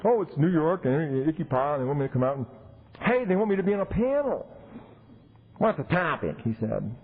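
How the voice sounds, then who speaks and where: A man speaking at a recovery convention, telling his story in an animated way and acting out the people he quotes. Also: a little high, fast, slight background noise. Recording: tinny 1990s tape recording.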